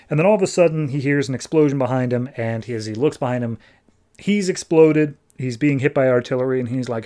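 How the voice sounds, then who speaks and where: A man hosting a podcast, recapping a comic in a loose, conversational way. His voice sits at an ordinary middle pitch. He sounds chatty and relaxed throughout. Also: brisk. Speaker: podcast host. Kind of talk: casual comic book recap.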